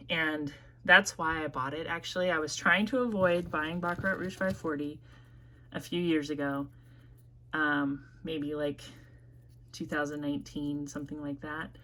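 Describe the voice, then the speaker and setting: A woman's voice: sits low, bright, forceful tone. A woman with an American Midwest accent reviewing perfumes in a casual, rambling vlog, talking with many fillers and self-corrections.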